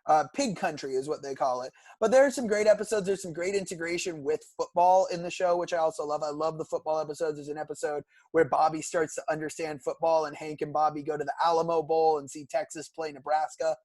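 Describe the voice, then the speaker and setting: A young man with a fairly high voice, recorded dry and close. He chats casually as a podcast co-host, eagerly walking through episodes and favorite characters at length. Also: steady tone, fast, few pauses, a little mellow, no room sound. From California. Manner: enthusiastic, recounts plots at length. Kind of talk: casual chat.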